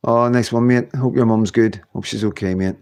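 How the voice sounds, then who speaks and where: A man's voice: mid-range voice, fairly even intonation, moderate pace, darkish tone. A man, hosting a casual livestream from home, chatting and reading out viewer comments in a rambling way with frequent laughs. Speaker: livestream host.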